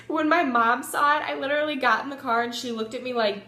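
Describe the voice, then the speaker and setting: Young woman vlogger, fairly high voice, animated sweary storytelling, roomy echo. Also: quick pace, few pauses. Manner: animated, swears freely, lots of "like". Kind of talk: casual storytelling.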